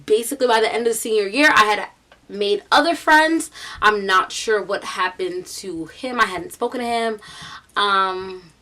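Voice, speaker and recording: A woman's voice: medium pitch, moderate pace. A young woman with a New York accent telling a story casually, full of "like" and "um", bringing the people in it to life. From United States. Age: young adult. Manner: chatty, animated storytelling with quoted voices; many fillers like "like" and "um". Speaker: vlogger.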